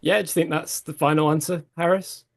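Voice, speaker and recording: Male contestant, a bit high, unsure, thinking through an answer. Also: little pitch movement, a little fast, gravelly. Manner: hesitant, thinking aloud. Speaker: trivia contestant.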